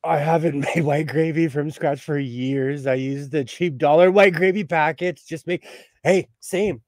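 A man's voice: a little high, unhurried, darkish tone, dry recording, clean studio sound. An American man co-hosting a livestream in casual chat, laughing often and riffing on viewer comments. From United States. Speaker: livestream co-host.

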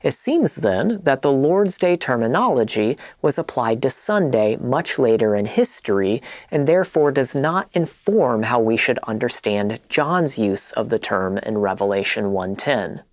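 A woman reading a scripted Bible teaching in a measured, explanatory way. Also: rumbling low, lively intonation, a little mellow, no room sound, studio quality.

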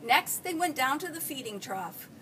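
Expressive teacher reading a storybook aloud. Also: female voice, sits high, normal speed. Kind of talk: reading a picture book aloud. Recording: distant mic, faint background hiss.

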